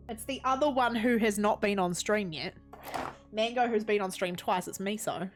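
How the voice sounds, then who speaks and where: A woman's voice: medium pitch, normal speed, faint music behind. A woman with a New Zealand accent streams a game from home, rambling and chatty and laughing often as she talks to her chat and her pets. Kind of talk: casual live-stream chatter while playing.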